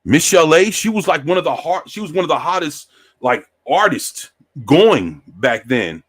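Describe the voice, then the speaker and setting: A man in his forties telling rambling stories in a relaxed, profane way, often ending sentences with "man". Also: a little high, normal speed, breathy edge. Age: 40s. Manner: rambling, profane, laid-back, peppered with "man". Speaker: show host. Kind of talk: casual storytelling.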